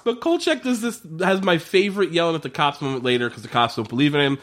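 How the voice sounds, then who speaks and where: A profane, laughing man recaps a TV episode with a co-host in loose podcast chat. His voice sits a little higher than most men's and moves a great deal, leaping up whenever he acts out a line. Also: lively intonation, quick pace, fairly bright tone.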